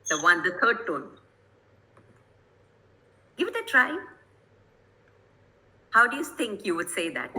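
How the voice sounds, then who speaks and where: Her mid-range voice is very animated and sharp in tone, slow and full of pauses, heard on a low-quality recording. She's a woman from Kerala, India, guest presenting an online lecture to teachers by video call, patiently explaining and frequently checking they're following.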